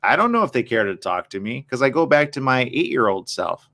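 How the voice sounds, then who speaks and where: A man's voice: medium pitch, big pitch swings, brisk, gravelly, fairly bright tone. A man hosting a morning show, talking candidly and reflectively in a personal monologue, often asking rhetorical questions.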